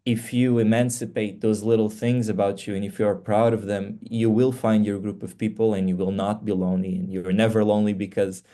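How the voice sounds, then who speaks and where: A man's voice: lowish voice, flat delivery, brisk, hardly any pauses, dark tone. A young Portuguese man with a Portuguese accent, a singer chatting earnestly in an interview, with lots of fillers and restarts. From Portugal (Faro). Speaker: singer, guest. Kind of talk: casual interview chat.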